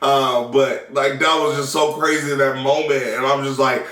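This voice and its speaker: Animated man telling a story. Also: mid-range voice, normal speed, few pauses. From Southern United States. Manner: laughing, animated, swears freely. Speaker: vlogger, new father. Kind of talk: casual storytelling chat. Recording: echoey room, mic at a distance.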